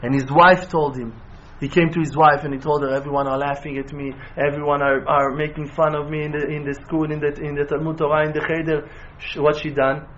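A man giving a sermon in full of terms, telling stories in a low voice and then rising into loud, passionate exhortation. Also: level tone, a little fast. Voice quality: non-native English with Hebrew terms. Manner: impassioned, swings from hushed storytelling to loud rising exhortation. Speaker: rabbi. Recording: dull lo-fi recording with faint noise.

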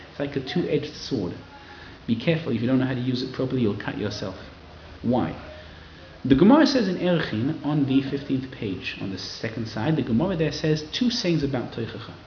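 A man giving a lively Torah class to a live audience, acting out quoted people in raised voices. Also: mid-range voice, a little fast, a little hiss or hum. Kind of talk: lively sermon-style Torah lecture. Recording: roomy, slightly dull hall recording.

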